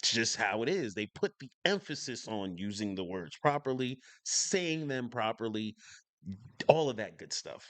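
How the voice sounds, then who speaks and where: A man's voice: medium pitch, expressive, moderate pace, a bit bright, dry recording. A man from the northern United States giving casual reaction commentary as a channel host, speaking emphatically and enunciating every word, repeating his points for stress. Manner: emphatic, clearly enunciated, opinionated.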